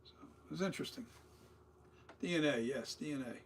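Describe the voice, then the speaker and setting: A man's voice: fairly high pitch, expressive, brisk. A middle-aged man talking casually and loosely, swearing and repeating himself as he rambles. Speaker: host. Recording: distant mic with faint noise.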